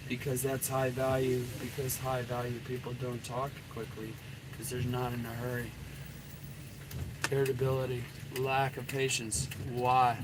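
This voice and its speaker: A man's voice: a little high, noisy background. A middle-aged man, a dating coach, giving a blunt, profanity-laden and rambling coaching rant.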